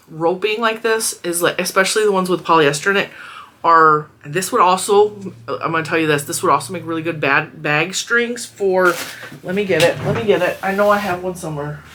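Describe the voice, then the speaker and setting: A woman's voice: on the low side, pushed and bright. A woman vlogger chatting casually about craft supplies in a small room at home, a little congested and wheezy, rambling with frequent laughs. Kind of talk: casual product review chat.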